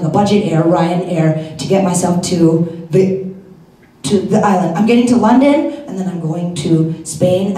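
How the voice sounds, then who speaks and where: Animated woman storyteller in an echoey hall. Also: on the low side. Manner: animated, comic, acts out the scenes, bursts of fast speech. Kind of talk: live personal storytelling. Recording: echoey hall, heard from a distance.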